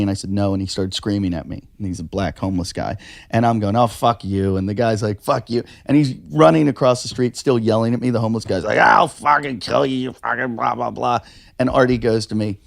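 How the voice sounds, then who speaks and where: A man's voice: on the low side, quick pace, no echo, studio quality. A man co-hosting a podcast, telling stories in casual chat and acting out the quotes with lots of swearing. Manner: animated, swearing, acts out quotes. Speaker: podcast co-host.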